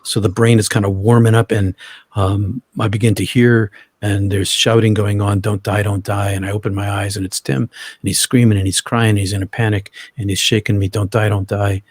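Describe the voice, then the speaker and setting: Low husky-voiced man, halting storyteller. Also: little pitch movement, no room sound, clean studio sound. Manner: halting, often restarts and repeats words. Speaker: interview guest. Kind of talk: personal storytelling in an interview.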